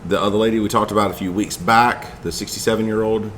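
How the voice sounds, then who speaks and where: Male podcast host and self-defense instructor, slightly low voice, easygoing, laughs a lot. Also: steady tone, quick pace, a bit bright, slight background noise. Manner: easygoing, laughs often, with restarts. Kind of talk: casual podcast chat.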